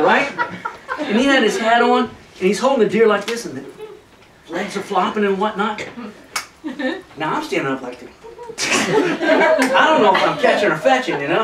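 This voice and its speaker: A man's voice: high-pitched, expressive, normal speed, a loud crowd. A man telling a funny hunting story in a casual way, laughing often as he talks. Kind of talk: casual anecdote. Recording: roomy distant camcorder audio with loud noise.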